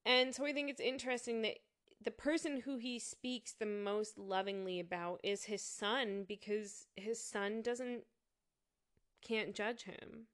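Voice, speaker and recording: Woman commentator, reflective and hesitant, measured slow pace, smooth tone. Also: on the high side, steady tone, fairly bright tone. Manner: thoughtful, halting, with many fillers and restarts. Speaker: commentator reviewing a show. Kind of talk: casual spoken commentary.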